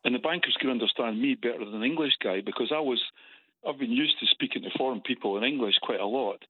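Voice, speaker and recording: A man's voice: mid-range voice, fast, husky, no echo. Male caller over a tinny phone line, blunt, rambling storyteller. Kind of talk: phone-in call. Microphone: telephone.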